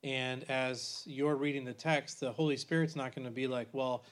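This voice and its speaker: A man's voice: mid-range voice, fairly even intonation. Guy in his 40s teaching church class, keeps saying right?, stumbles and restarts a lot. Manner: conversational, halting restarts, frequent "right?". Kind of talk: bible teaching.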